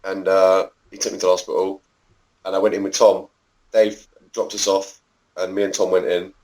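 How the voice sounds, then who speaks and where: A guest in his thirties with a fairly low voice, telling a rambling story on a podcast. He swears casually and jumps into quick impressions of the people in his story. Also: level tone, darkish tone, poor audio. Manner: chatty, swears freely, acts out voices. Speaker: podcast guest, former backyard wrestler.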